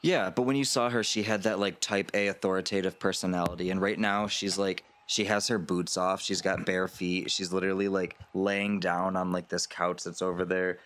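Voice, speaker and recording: A man's voice: low voice, steady tone, moderate pace, few pauses, fairly bright tone. A man narrating a tabletop game as game master, casual and loose.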